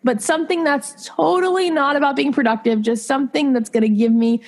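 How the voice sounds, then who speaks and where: Here the same kind of guest, a thirties-aged woman on a podcast, talks fairly quickly in a high, steady voice. She's earnest and confiding as she tells personal stories candidly, often saying "like" and starting sentences over.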